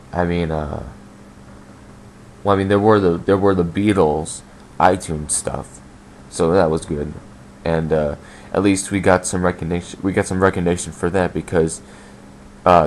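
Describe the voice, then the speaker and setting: A man's voice: sits low, slight background noise. A man hosting a casual solo podcast, rambling and blunt, swearing freely and filling gaps with "um" and "I mean". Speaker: podcast host.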